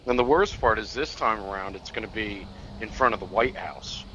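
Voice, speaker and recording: Blunt, bright-voiced male talk radio host. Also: on the low side, moderate pace, highs cut off, slight background noise. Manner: emphatic and blunt, swears when heated. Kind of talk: casual political talk radio chat.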